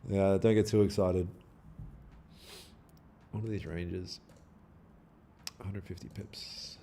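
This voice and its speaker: A man's voice: low-pitched, steady tone, takes it slowly, noisy background. A man hosting a live day-trading stream, chatting casually with viewers, swearing freely and talking back to the market. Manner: casual, swears freely, pleads and jokes with chat. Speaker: day trading livestream host.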